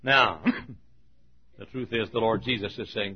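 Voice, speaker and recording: A man's voice: fairly low pitch, moderate pace, vocal fry, lo-fi sound. A man preaching a sermon, telling folksy stories with humor and poking fun at himself. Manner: folksy, humorous, self-mocking storytelling.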